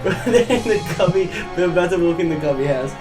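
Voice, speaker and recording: A man's voice: fairly high pitch, fast talker, far from the mic, over music, rough recording. A young man chatting casually as a podcast co-host, slangy and retelling scenes. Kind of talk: casual chat.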